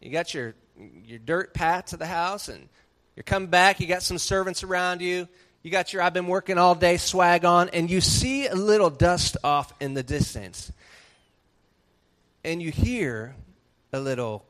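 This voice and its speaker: A man preaching a sermon as pastor, telling a story with animated swings from soft to loud. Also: high-pitched, measured pace.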